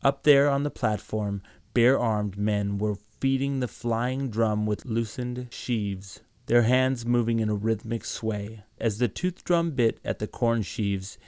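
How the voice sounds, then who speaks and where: A man narrating a story in a steady, measured reading. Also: on the low side, no echo.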